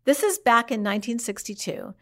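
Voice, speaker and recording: A woman's voice: a little high, a little fast, gravelly. A woman telling her mother's story in a casual way, acting out what people said. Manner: animated, acts out quoted speech.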